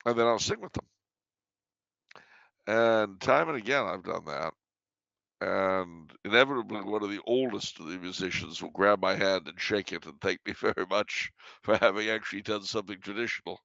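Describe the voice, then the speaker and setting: A man's voice: on the low side, moderate pace, vocal fry, fairly bright tone, no room sound, dull audio. A man chatting casually, spinning stories with chuckles and a playful edge. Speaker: regular guest answering questions. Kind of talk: casual chat.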